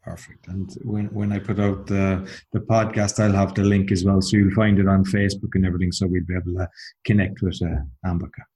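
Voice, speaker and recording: A man's voice: low voice, flat delivery, brisk, warm tone. A man hosting a podcast interview, speaking with frequent hesitations. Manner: hesitant, many "uh" fillers. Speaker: podcast host.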